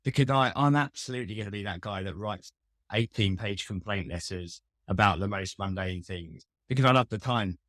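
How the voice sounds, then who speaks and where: A man's voice: fairly low pitch, moderate pace, a bit bright, no room sound, studio quality. A man, a customer experience expert, chatting as a podcast guest and telling wry, self-mocking stories. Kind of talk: casual interview conversation.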